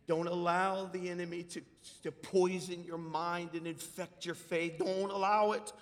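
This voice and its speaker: A man preaching a sermon, exhorting emphatically and swinging from loud declarations to hushed asides. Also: high-pitched, flat delivery, measured pace. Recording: long hall reverb.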